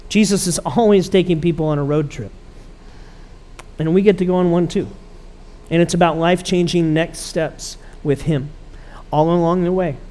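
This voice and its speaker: A man's voice: a little high, fairly even intonation, normal speed, long pauses, warm tone. A man pastor preaching a conversational, emphatic sermon to his church.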